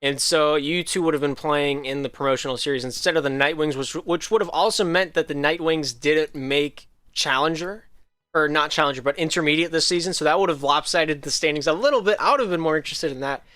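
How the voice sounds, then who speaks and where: A man's voice: a little high, fairly quick, a bit bright, dry recording, studio quality. A man hosting a live stream, talking casually and rambling, with many restarts and a slight Southern American drift. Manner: rambling, frequent ums and restarts. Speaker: league host. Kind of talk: casual livestream talk.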